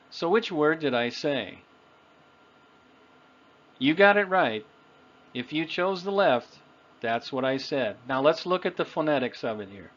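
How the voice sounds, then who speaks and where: A man's voice: on the high side, animated, a little slow, long pauses, fairly bright tone, dull audio. A man teaching English pronunciation, patiently and carefully spelling out example phrases for the listener to repeat. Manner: patient, over-enunciates example phrases for repetition. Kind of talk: slow, deliberate pronunciation lesson.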